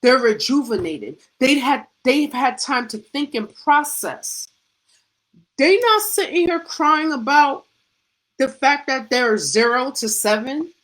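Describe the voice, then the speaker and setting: High-voiced, unhurried woman preaching. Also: animated, a bit bright, low-quality recording. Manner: preachy, rhetorical questions, punchy repetition. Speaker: faith coach. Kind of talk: devotional pep talk.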